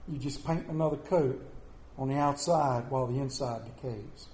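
A middle-aged pastor preaching a sermon in a church, animated and mixing comic asides with scripture. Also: male voice, medium pitch, normal speed, reverberant, a little hiss or hum. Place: church sanctuary.

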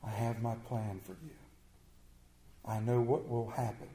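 A preacher doing a hushed, solemn divine voice. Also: male voice, lowish voice, steady tone, reverberant, voice pushed down, lightly acted. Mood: gentle. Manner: soft, slow, hushed. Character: calm, gentle, solemn male divine teacher.

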